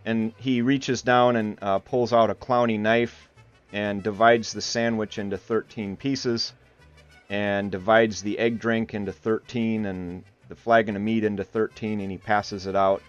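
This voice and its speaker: This Iowa man speaks with a fairly low, steady, clear and resonant voice, a little slow. As game master on a tabletop game livestream, he rambles with plenty of fillers and slips into playful character voices. The audio is muffled, with faint music.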